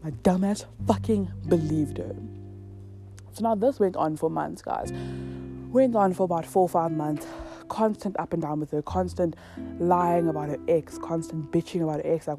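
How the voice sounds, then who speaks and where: A woman's voice: on the low side, normal speed. Young woman ranting through a storytime, lots of swearing, music playing in the back. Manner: heavy swearing, animated storytelling with acted quotes. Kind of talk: casual storytime to viewers.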